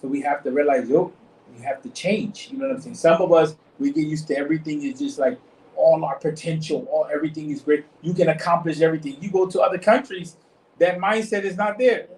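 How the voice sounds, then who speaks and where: The man's voice is on the high side, a little mellow and a little fast. As a study circle leader, he steers an informal religious conversation with a small group, rambling, repeating himself and regularly asking "you see what I'm saying?", recorded in an echoey space on a distant mic with faint noise.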